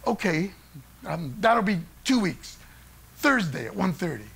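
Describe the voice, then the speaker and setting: A man's voice: sits high, very animated, measured pace, gravelly, a bit bright, husky, exaggerated voice. A man doing a dry front-desk lady. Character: matter-of-fact woman at a front desk.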